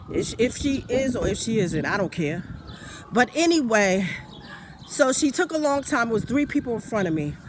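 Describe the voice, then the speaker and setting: A woman's voice: mid-range voice, noisy background. A woman telling a story in a casual, emphatic, rambling monologue. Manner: rambling with many fillers and restarts. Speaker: vlogger.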